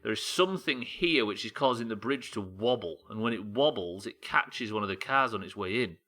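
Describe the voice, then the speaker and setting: A man's voice: fairly low pitch, animated, moderate pace, pushed and bright, faint music behind. A man streaming a game live, thinking aloud, puzzled and swearing as he works out a problem. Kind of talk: live gameplay commentary.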